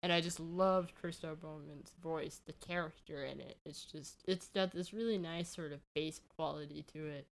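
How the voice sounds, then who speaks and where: A woman's voice: low voice, steady tone, moderate pace, vocal fry, hardly any pauses. A young woman co-hosting a podcast, chatting casually in an easygoing way with dry remarks. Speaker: podcast co-host. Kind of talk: casual chat.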